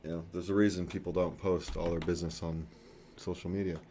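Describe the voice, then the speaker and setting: A man's voice: low-pitched, level tone, brisk, warm tone, a little hiss or hum. A man co-hosting a casual talk show, rambling and correcting himself, chuckling often. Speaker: podcast co-host. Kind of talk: casual chat.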